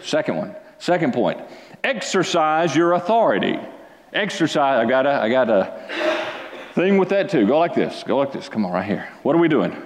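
A man preaching a sermon, reading scripture and calling for responses from the congregation, swinging between loud exhortation and quiet asides. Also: mid-range voice, sing-song, moderate pace, echoey room, big-room sound. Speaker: pastor.

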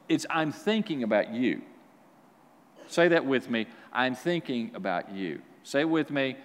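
A man preaching a sermon as pastor, with animated delivery that swings from quiet to loud. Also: medium pitch, in a large hall.

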